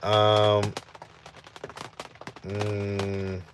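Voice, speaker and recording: A man's voice: on the low side, monotone, extremely slow, background noise. A man hosting a live stream, chatting casually and reading out viewer comments in a loose, rambling way. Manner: loose and rambling, full of fillers like "you know what I'm saying". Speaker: host of a street interview channel.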